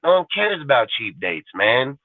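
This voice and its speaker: A man's voice: mid-range voice, sing-song, normal speed. A sports talk show host, a man, ranting in an aggressive, profane and defiant way during a live show. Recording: tinny phone-like dry line.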